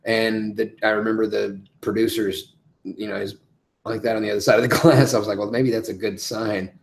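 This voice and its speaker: Animated man chatting live. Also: a little fast, vocal fry. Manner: rambling, animated, big swings of pitch and loudness. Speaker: voice actor hosting a live Q&A. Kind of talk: casual livestream chat answering comments.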